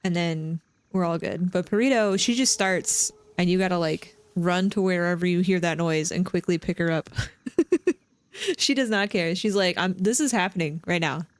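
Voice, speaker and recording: A woman's voice: fairly low pitch, moderate pace, smooth, dry recording. A woman live streamer chatting casually with her viewers while she plays, rambling and often restarting her sentences. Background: faint game music.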